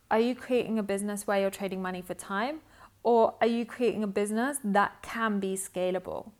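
A young adult woman hosting a solo podcast as a business coach, talking in a chatty, upbeat way and acting out inner thoughts. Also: mid-range voice. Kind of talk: casual solo podcast monologue.

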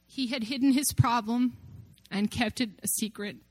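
A woman's voice: fairly high pitch, normal speed, darkish tone, no echo. A woman giving a personal testimony talk about faith, earnest and reflective, with rhetorical questions that build up.

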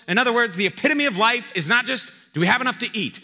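Man, pastor, sermon, conversational, rhetorical questions, loud-to-quiet swings, bright ringing voice, long hall reverb. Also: high-pitched, animated, rapid-fire, hardly any pauses.

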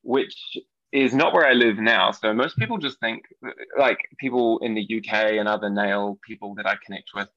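NZ man, 30s, podcast guest, gravelly and chatty, lo-fi remote audio. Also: fairly low pitch, moderate pace, fairly bright tone, dry recording. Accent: New Zealand. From New Zealand. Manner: chatty and giggly, with many ums. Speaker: podcast guest, nail artist. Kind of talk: casual interview chat. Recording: dull, lo-fi dry remote audio.

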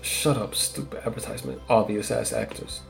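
A man's voice: medium pitch, fairly even intonation, fairly quick, gravelly, faint music behind. A man hosting a solo podcast and rambling casually, with lots of swearing and "like" fillers. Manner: loose and profane, with many "like" fillers. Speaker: podcast host.

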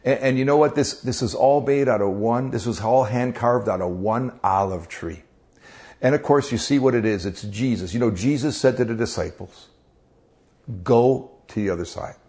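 A man's voice: medium pitch, normal speed, a little mellow. A man preaching in a conversational devotional style, earnest, asking rhetorical questions and often repeating words as he goes.

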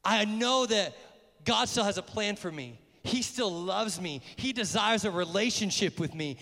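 A man's voice: sits high, a bit bright. A man preaching on parenting from a church platform in a reassuring pastoral tone. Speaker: speaker at church. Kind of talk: sermon. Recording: long reverb of a church hall.

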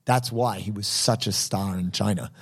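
A man's voice: on the low side, fairly even intonation, normal speed, gravelly, a bit bright, breathy edge. A man co-hosting a podcast, chatting casually and telling film trivia with enthusiasm. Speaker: podcast co-host. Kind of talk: casual chat.

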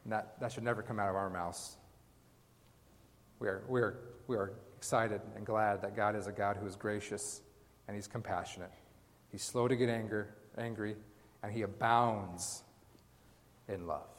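A man's voice: lowish voice, fairly even intonation, moderate pace, big-room sound. A man preaching a sermon in a casual, conversational way, asking the congregation questions and mock-quoting the people in the story. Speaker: pastor.

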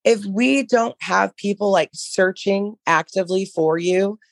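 Hoarse woman on a podcast, rambly and sweary, dry close sound. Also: mid-range voice, a little slow, no room sound. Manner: rambling, profane, animated. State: losing her voice. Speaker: podcast co-host, dog trainer business coach. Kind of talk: casual podcast chat.

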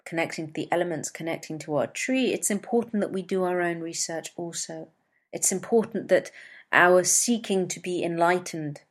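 A woman giving a reflective spiritual talk as a teacher, measured and repeating phrases for emphasis. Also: on the low side.

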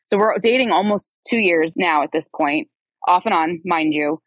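A woman in her forties tells her own story as a podcast guest, speaking in a lowish register. She is animated and acts out the lines she quotes. The sound is dry, with no room echo. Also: moderate pace. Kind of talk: candid personal storytelling.

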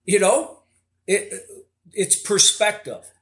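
A man's voice: high-pitched, big pitch swings, takes it slowly, fairly bright tone. A man hosting a casual podcast interview, rambling and leaning heavily on filler phrases. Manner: rambling, heavy on "like" and "you know".

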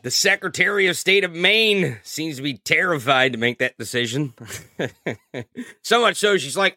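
A man's voice: a little high, expressive, moderate pace, pushed and bright, dry recording, studio quality. A man hosting a political podcast, talking in a profane, sarcastic, mocking way. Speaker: podcast host. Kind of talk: political commentary.

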